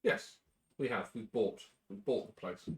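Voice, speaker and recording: A man's voice: lowish voice, a little slow. A man playing a tabletop game, chatting in a laid-back way. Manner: laid-back, chatty, uses British slang. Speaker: player. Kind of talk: casual tabletop play.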